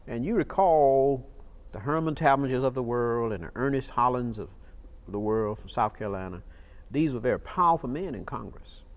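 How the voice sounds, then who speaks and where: Man telling an emphatic story. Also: mid-range voice. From Georgia, USA. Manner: emphatic storyteller, repeats key phrases. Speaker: interviewee, state legislator. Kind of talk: oral history recollection.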